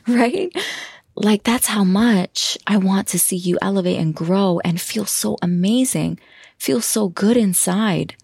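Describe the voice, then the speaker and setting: A woman's voice: medium pitch, measured pace, creaky, a little mellow, breathy edge, no room sound, studio quality. A woman hosting a self-love coaching podcast, talking in an effusive, emotional way and laughing often. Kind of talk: heartfelt podcast monologue.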